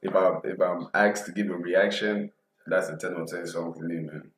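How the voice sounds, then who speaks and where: A man in his early twenties hosting a music reaction video, excitable and repeating phrases quickly. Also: low-pitched, reverberant. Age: early 20s.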